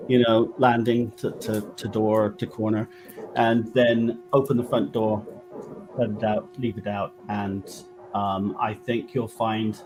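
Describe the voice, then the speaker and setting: Recorded against a noisy background, this Englishman's lowish, level voice carries a West Country accent. He is a guest medium in a relaxed interview, stumbling along with plenty of fillers and false starts.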